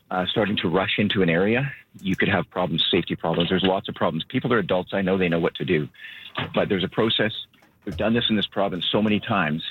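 A man speaking as a local government spokesperson, out of breath and earnest, rambling with halting restarts. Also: deep voice, slightly rough, no echo. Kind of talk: phone interview. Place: outdoors at his vehicle. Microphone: phone. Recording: tinny phone line.

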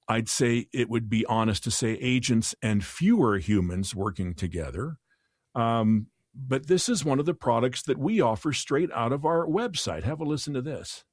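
A man's voice: mid-range voice, lively intonation, moderate pace, few pauses, no room sound, clean studio sound. A man hosting a casual conversational podcast, thinking aloud with frequent restarts. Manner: thoughtful, with restarts. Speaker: podcast host.

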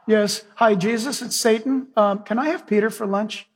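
A man's voice: high voice, steady tone, normal speed, husky. A man preaching and putting on the voice of a sly male devil who asks politely to eat someone. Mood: mock-polite. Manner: mock-polite, hesitant.

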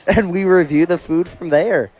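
Playful higher-voiced man on radio. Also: moderate pace, a little mellow, rough recording. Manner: playful, stumbling, laughs often. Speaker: radio co-host. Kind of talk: casual on-air banter.

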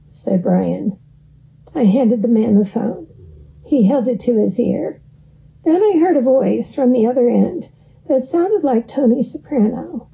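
Slow, husky woman reading a wry memoir. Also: on the high side. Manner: wry, dry storytelling. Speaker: narrator. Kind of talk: first-person memoir reading. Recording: dull lo-fi recording.

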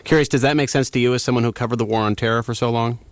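Brisk male radio host, dry studio sound. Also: medium pitch, fairly even intonation, no echo. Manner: brisk, businesslike. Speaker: news host. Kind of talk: radio interview.

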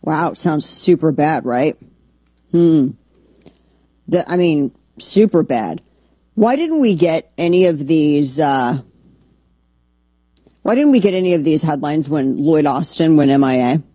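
A woman's voice: deep voice, lively intonation, slow pace, long pauses, mellow, no room sound. A middle-aged woman hosting a political talk radio show, combative and sarcastic in her monologue.

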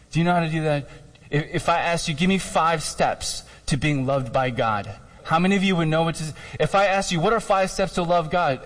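A man giving a casual, emphatic sermon as a pastor, talking conversationally with lots of fillers. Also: a little high. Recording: reverberant hall.

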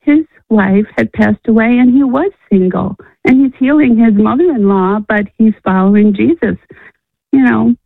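A woman's voice: a little high, moderate pace, gravelly, no echo. A woman from Illinois calling in to a radio show, rambling with many fillers and restarts. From Illinois, USA. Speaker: caller. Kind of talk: phone-in conversation. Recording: tinny phone line.

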